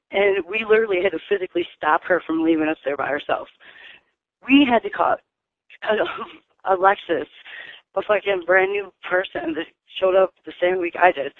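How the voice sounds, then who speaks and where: Angry caller on a tinny phone line. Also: female voice, on the low side, dry recording. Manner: angry, profane, rapid venting. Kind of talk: venting phone call to a radio show. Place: residential treatment facility.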